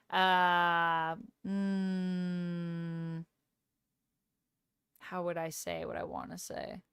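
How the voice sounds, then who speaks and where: A woman's voice: on the low side, little pitch movement, extremely slow, pauses often, fairly bright tone, clear, resonant tone, no echo, studio quality. A woman streamer chatting casually on a livestream, reading out chat messages, answering them and trying out phrases with a light laugh. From Canada. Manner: reads out chat and chats back, tries out phrases with a light laugh.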